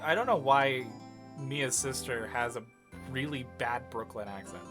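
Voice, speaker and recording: A chatty streamer trading jokes with viewers and reacting out loud while playing. The voice sits at an ordinary middle pitch, with game music clearly running underneath. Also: a little slow. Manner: chatty, reacting aloud, joking asides. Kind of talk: casual let's-play commentary.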